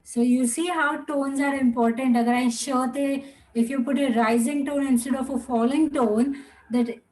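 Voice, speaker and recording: A woman's voice: a little high, a little mellow, rough recording. A woman teaching a Mandarin lesson online, drawing out each word for students to repeat. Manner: slow, drawn-out model pronunciation with repeat-after-me drills; switches into Hindi and Gujarati asides.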